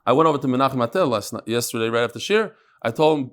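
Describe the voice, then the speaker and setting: A man's voice: mid-range voice, expressive, fast talker, hardly any pauses, fairly bright tone. A middle-aged man teaching a daily Talmud class in a conversational way, with frequent asides and restarts. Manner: conversational, mixes Hebrew and Aramaic terms, frequent restarts and asides.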